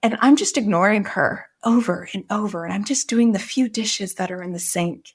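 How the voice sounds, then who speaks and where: A woman's voice: mid-range voice, moderate pace, husky. Earnest middle-aged woman telling her story. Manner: earnest, emotional retelling with vivid detail. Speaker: podcast guest. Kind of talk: personal storytelling in an interview.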